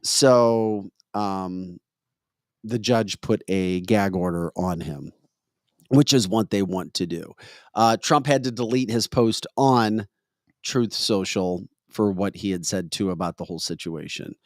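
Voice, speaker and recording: A man's voice: low voice, a little slow, no echo, studio quality. A man hosting a political commentary podcast, making his points with emphatic, opinionated commentary. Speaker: podcast host.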